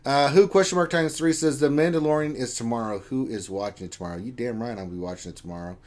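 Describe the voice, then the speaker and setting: A man's voice: mid-range voice, fast talker, a little mellow. A man co-hosting a casual live stream, reading viewer chat aloud with joking, playful teasing.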